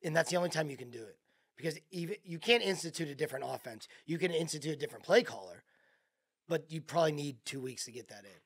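A man's voice: a little high, expressive, fast, breathy edge. A man co-hosting a sports talk show, getting worked up and firing off exclaimed questions. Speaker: co-host.

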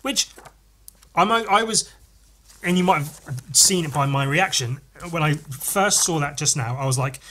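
A man's voice: on the high side, measured pace, pushed and bright. A man hosting a casual podcast, rambling and swearing as he pages through comics and reacts to the art. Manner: profane, rambling, enthusiastic. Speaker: podcast host reviewing comics. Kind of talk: casual chat.

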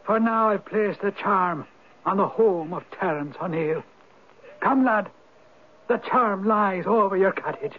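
An ancient wise rock spirit. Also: male voice, high-pitched, measured pace. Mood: instructing. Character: ancient Viking spirit turned Irish hermit, wise and teasing. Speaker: Old Man of the Rock. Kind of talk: 1970s radio drama acting. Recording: tinny lo-fi old radio broadcast.

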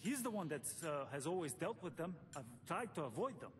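A man's voice: a little high, sing-song, brisk, faint music behind. An actor playing an anxious man pleading for help after his brother was taken, in a game. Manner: frantic, pleading.

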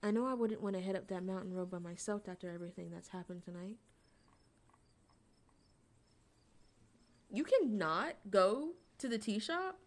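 A woman's voice: mid-range voice, animated, a little fast, lightly acted. A woman reading the lines of an earnest, eager young woman who hunts cryptids and reassures her friend. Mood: caring. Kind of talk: reading game dialogue aloud.

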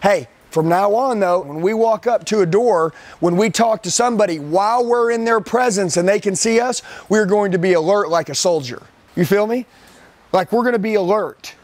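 A man's voice: high voice, moderate pace, no echo. A man coaching a room of sales trainees live. He talks intensely and emphatically, repeats his points, and often calls people "dude".

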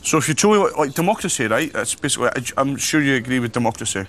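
A man's voice: medium pitch, expressive, very fast, a bit bright, slight background noise. A Scottish man in casual chat on a reality show, patiently explaining things.

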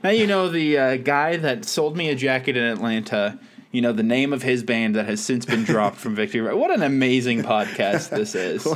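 A man's voice: mid-range voice, moderate pace. Sarcastic man co-hosting a podcast. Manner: dry, sarcastic humor. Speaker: podcast co-host. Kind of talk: casual chat.

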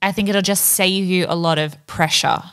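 A woman co-hosting a podcast, talking through her thoughts in a measured way with frequent fillers. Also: lowish voice, steady tone, clean tone. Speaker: podcast co-host. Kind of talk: casual chat.

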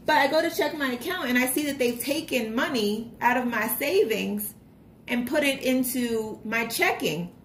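A young woman chatting casually while budgeting, telling a story with lively retold reactions. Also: sits high, moderate pace, slight background noise. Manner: chatty storytelling, animated retellings. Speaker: vlogger.

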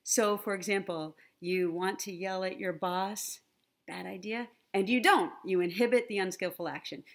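A woman's voice: mid-range voice, fairly even intonation, moderate pace. A woman presenting an online conference talk with slides, friendly and teacherly, often checking in with "right?" and "okay?". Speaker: conference speaker on the brain and language learning. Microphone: computer mic, online presentation.

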